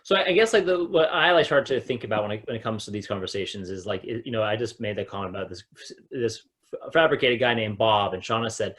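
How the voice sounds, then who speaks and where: A man's voice: lowish voice, animated, fast, fairly bright tone. A man co-hosting a casual spiritual discussion as a yoga teacher, framing long questions in a rambling, hesitant way with frequent fillers, and reading viewer comments.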